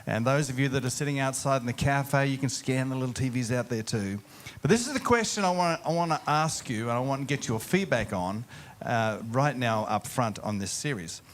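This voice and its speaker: A middle-aged pastor telling a humorous story from a church stage into a mic. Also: male voice, medium pitch, fairly quick, few pauses. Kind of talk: sermon storytelling.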